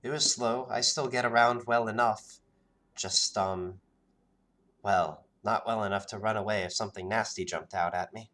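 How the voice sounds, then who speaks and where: A man voicing a guarded, cautious village woman in a tabletop role-play, hesitant and rushed in her speech. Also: lowish voice, fairly even intonation, a bit bright, lightly acted.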